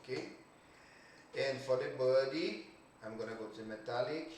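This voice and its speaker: A man giving a casual 3D art tutorial, thinking aloud slowly with many "okay"s and trailing phrases. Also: mid-range voice, a little mellow. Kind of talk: casual screen-recorded tutorial. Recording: echoey room, distant mic, faint hiss.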